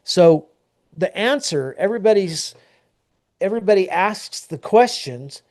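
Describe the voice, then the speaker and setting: Plainspoken American man, slightly high voice. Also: expressive, unhurried, a little mellow, no echo, clean studio sound. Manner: plainspoken, rambling with frequent fillers and restarts. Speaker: co-host of an agriculture news show. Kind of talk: casual news discussion.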